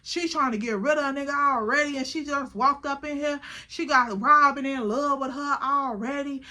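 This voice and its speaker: Young female vlogger, high bright voice, chatty storytime delivery. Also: moderate pace. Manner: chatty, profane, keeps addressing the listener as "girl". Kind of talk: casual storytime.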